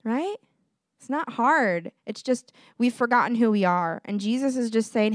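A young woman delivers a sermon as if chatting with friends, her voice sitting a little high. She laughs easily and fills her talk with "like" and "you know." The recording is close and dry, with no room sound. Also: expressive, unhurried, dry recording. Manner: warm conversational, laughs often, fillers like "like" and "you know". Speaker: preacher. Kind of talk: casual sermon.

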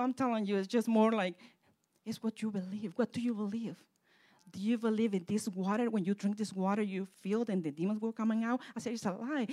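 Fervent woman preaching a testimony. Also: on the high side. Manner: fervent, storytelling, swings from soft to loud. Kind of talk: sermon testimony.

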